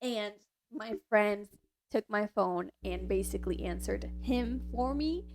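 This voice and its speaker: A woman's voice: medium pitch, a little slow. A young woman co-hosting a podcast, speaking in a chatty, casual way with many filler words. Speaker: podcast co-host. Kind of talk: casual chat.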